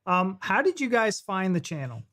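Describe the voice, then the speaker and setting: A man's voice: sits high, sing-song, normal speed, fairly bright tone. Laid-back guy co-hosting. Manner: loose and chatty, with fillers and restarts. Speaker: co-host of a reaction channel. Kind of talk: casual live-stream chat.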